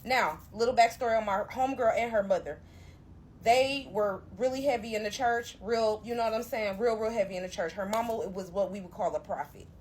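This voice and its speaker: A young woman telling a personal story to camera, animated and emphatic, talking straight to her listeners. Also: medium pitch, fairly quick, slight background noise. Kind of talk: storytime narration.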